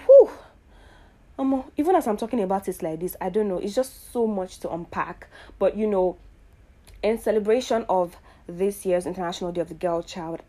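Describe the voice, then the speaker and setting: A woman from Nigeria hosting her own show, talking in a casual, earnest and reflective monologue full of fillers and pauses. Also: medium pitch, dark tone. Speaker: podcast host.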